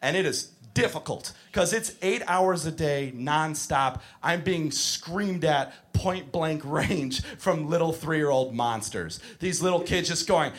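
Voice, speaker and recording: A man doing a stand-up comedy set, telling profane, animated stories about teaching preschool. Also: fairly high pitch, a little slow, few pauses.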